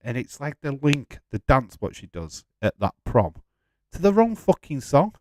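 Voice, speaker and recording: A man's voice: mid-range voice, big pitch swings, measured pace, a little mellow, no echo, clean studio sound. A man hosting a live football watch-along, chatting casually, swearing and laughing as he goes.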